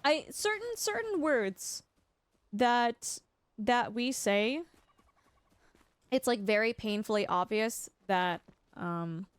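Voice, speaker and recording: Young Canadian woman streamer, lively pitch, dry close sound, chatty and quick to laugh. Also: smooth, dry recording. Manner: chatty, laughs often, many restarts. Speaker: livestream gamer. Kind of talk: casual chat reading live chat.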